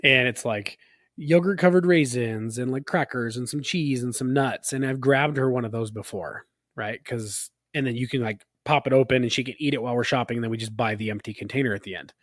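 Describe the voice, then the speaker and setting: A man's voice: mid-range voice, brisk, no echo, studio quality. A man in his thirties co-hosting a casual podcast chat, telling family stories with lots of laughter. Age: 30s. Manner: animated storytelling, laughs often. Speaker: podcast co-host.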